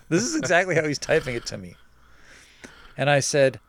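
Male host, casual storyteller, rambling and full of quoted dialogue; mid-pitched and dry. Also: animated, a little slow, creaky, pauses often, no echo.

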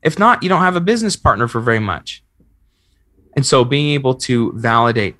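A man's voice: medium pitch, expressive, brisk, pushed and bright, no room sound. A man with a mid-range voice talks earnestly on a podcast, coaching listeners on how to listen. The sound is dry and close to the mic. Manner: earnest, explains with acted-out examples. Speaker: podcast host and relationship coach. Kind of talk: conversational coaching talk.

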